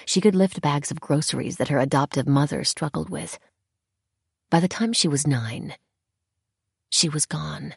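A woman reading a novel aloud as audiobook narrator, with measured, deliberate storytelling. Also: low voice, creaky, breathy edge, no echo, studio quality. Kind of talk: scripted narration.

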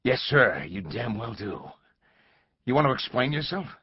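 A man's voice: lowish voice, expressive, moderate pace, slightly rough, no echo, voice pushed up. A man voicing an exhausted, shaken male professor who answers sharply and incredulously, in a slightly dull recording. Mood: tense.

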